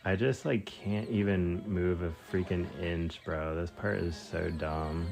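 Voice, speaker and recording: A man's voice: deep voice, steady tone, a little slow, gravelly, darkish tone. A man whose first language is Spanish streams a game live, reacting with slangy exclamations and lots of fillers. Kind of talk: casual live gameplay commentary. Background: game music.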